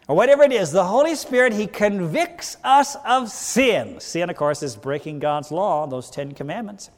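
Male pastor, fairly high voice, preacherly sermon delivery with wide loudness swings, church hall with long reverb. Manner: preacherly, asks the audience questions and answers them, wide swings in loudness. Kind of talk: sermon Bible study.

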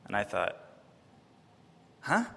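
A man from Wisconsin telling a personal testimony story in a lively way, acting out the voices of the people he quotes. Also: slow pace, a little hiss or hum. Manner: lively, acts out quoted voices, often pitching up high in disbelief. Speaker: speaker giving a personal testimony. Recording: long reverb of a large hall.

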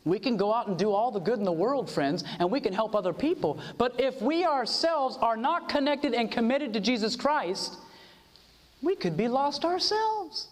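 A man preaches an earnest sermon, quoting scripture and asking for amens. His voice sits very high and moves a lot in pitch. A long reverb trails his words, as in a large hall. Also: animated, moderate pace.

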